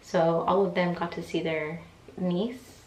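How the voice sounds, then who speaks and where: A woman's voice: on the low side, steady tone, unhurried, far from the mic. A young woman telling a personal story in a casual, chatty way, with many fillers and acted-out quotes. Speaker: vlogger. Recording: echoey room, voice from off mic, faint ambience.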